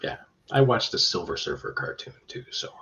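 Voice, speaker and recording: A man's voice: fairly low pitch, huge pitch swings, moderate pace, gravelly, sharp tone. A man co-hosting a casual podcast chat, giving blunt, laid-back opinions. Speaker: podcast co-host.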